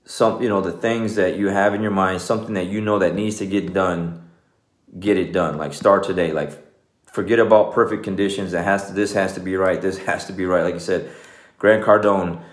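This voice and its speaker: A man's voice: deep voice, fairly even intonation, normal speed. A man in his forties, a jiu-jitsu coach, giving a loose and conversational motivational talk with plenty of "man" and "you know.". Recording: echoey room.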